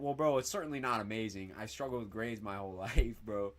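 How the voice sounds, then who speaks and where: On a casual livestream, a young man from northern Indiana reads viewer comments and rambles with excitement, swearing freely and saying "bro" all the time. His pitch is fairly low and he talks fairly quickly.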